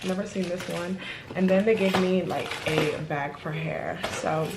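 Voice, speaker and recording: A woman's voice: lowish voice, measured pace, heavy background noise. Chatty young woman vlogging, echoey room. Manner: chatty and excitable, addresses viewers as y'all. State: out of breath. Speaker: beauty vlogger. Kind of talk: casual vlog talk to camera. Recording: echoey room with music behind.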